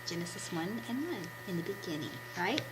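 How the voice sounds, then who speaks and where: A woman with a scratchy voice, hoarse from a cold, hosting a children's puppet show and encouraging the kids as a story is read. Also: lowish voice, brisk. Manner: warm, encouraging teacher talk to children. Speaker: puppet ministry host. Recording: steady background noise.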